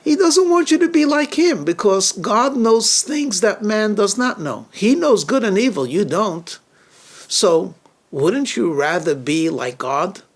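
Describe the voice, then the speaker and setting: A sly, tempting serpent, as a man puts him on, coaxing with persuasive questions. The voice sits fairly high and moves along unhurried, drawing each point out. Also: very animated, exaggerated voice.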